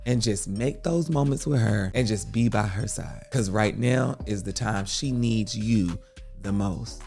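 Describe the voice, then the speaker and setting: A man's voice: fairly low pitch, measured pace, vocal fry, a little mellow, soft background music. A man hosting a storytime advice show, speaking earnestly in a preachy, comforting way.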